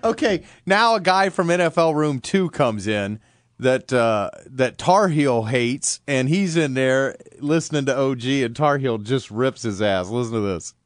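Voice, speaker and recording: A man's voice: medium pitch, animated, measured pace, no echo, studio quality. A man co-hosting a podcast, introducing audio clips with casual, amused chat. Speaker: podcast co-host.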